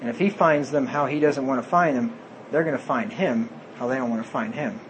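A man's voice: medium pitch, brisk, a little hiss or hum, low-quality recording. A man preaching a sermon, reading scripture aloud and explaining it plainly.

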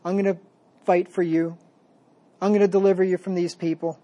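A man preaching a sermon, reading scripture slowly with emphasis and then explaining it in a plain, conversational way. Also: high-pitched, level tone, warm tone, highs cut off. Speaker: pastor.

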